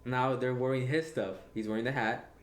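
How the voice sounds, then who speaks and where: A man's voice: mid-range voice, steady tone, a little fast. A man directing a casual film commentary, chatty and laughing often. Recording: echoey room with faint noise.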